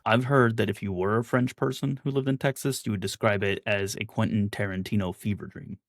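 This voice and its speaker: Lower-voiced man hosting a sports podcast. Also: steady tone, brisk, dry recording, studio quality. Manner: leads the talk, poses questions. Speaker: podcast host. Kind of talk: casual sports chat.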